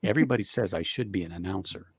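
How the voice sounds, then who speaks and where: A man's voice: low-pitched, racing, breathy edge. A man guest on a casual whiskey live stream, thoughtful, drawing out his phrases, with dry jokes.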